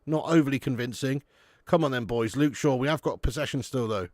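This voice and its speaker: A man hosting a live football watch-along, chatty and excitable, swearing at players. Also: mid-range voice, brisk, no room sound, studio quality. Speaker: host.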